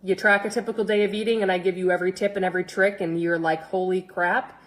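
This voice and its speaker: A middle-aged woman coaching fitness on a live stream, with an energetic, pushy sales delivery at an average pitch. She repeats her instructions over and over and calls out viewers by name as she talks. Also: racing.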